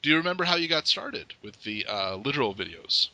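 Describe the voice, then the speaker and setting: A male podcast host with a bright, forceful voice that swoops up and down as he chats. He talks in a friendly, rambling way, and the sound is dry and close. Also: medium pitch, fairly quick, no echo, low-quality recording. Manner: friendly, lively, rambling with restarts. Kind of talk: casual interview chat.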